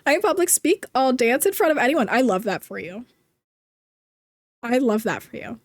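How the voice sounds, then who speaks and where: A woman's voice: on the high side, very animated, normal speed, no room sound. A young woman from New Jersey with a Jersey accent, chatting casually as a streamer, rambling, giggly and self-deprecating. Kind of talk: casual chat while gaming, reading chat.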